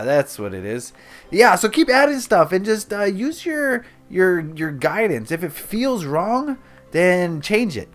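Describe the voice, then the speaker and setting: A man hosting his gaming channel, chatting casually and rambling to himself while he builds. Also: fairly high pitch.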